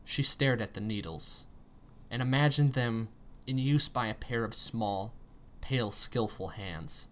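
A man narrating a story aloud in an expressive reading style, with tense pauses and strong emphasis. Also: mid-range voice, a little hiss or hum. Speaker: story reader.

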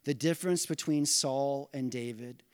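A middle-aged pastor preaching a sermon, telling a personal story with earnest, conversational asides to the congregation. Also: male voice, mid-range voice, normal speed, clean tone.

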